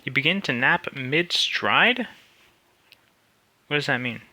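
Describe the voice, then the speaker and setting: A man's voice: mid-range voice, animated, slow pace, bright, forceful tone, dry recording. A man streaming live, reading a text adventure aloud and answering it with cocky, joking banter.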